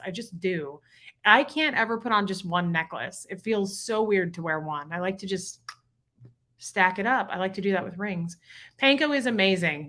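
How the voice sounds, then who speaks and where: Bright-voiced chatty woman livestreamer. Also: mid-range voice. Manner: chatty, greets viewers by name, gushing. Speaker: livestream host reading chat. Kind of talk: casual livestream chat.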